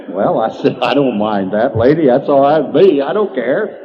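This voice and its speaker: A man's voice: mid-range voice, big pitch swings, measured pace. Older folksy man spinning yarns. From Indiana, USA. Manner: drawling, chuckles at his own punchlines. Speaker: country humorist. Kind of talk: folksy comedic storytelling. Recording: dull lo-fi 1990s tape with faint hiss.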